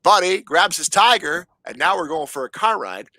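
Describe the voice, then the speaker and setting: A man's voice: high voice, animated, moderate pace, bright, forceful tone, dry recording, poor audio. A man co-hosting a podcast, telling a story in casual chat and laughing often. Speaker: podcast co-host.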